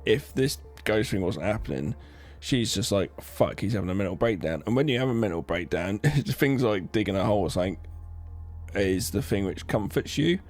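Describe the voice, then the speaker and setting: A man's voice: on the low side, animated, normal speed, a little mellow, soft background music. A man co-hosting a podcast, rambling frankly about films and his own life, laughing often. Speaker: podcast co-host. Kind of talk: casual film chat.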